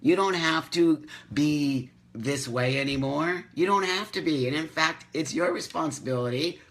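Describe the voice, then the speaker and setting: A man hosting a live morning chat, reading out viewer comments and ranting emphatically, repeating phrases for stress. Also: fairly high pitch. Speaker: host of a live morning show.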